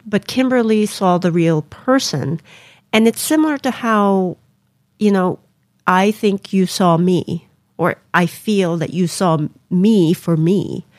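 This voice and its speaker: Earnest low-voiced woman podcast co-host. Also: no room sound, studio quality. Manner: earnest, giggly. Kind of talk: casual chat.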